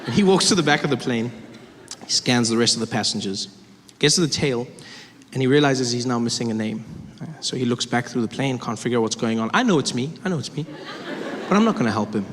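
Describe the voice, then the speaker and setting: A man from South Africa doing animated stand-up storytelling. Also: medium pitch, quick pace, slight background noise. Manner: animated, acting out characters. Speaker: stand-up comedian. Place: live comedy venue. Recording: theater with long reverb and audience.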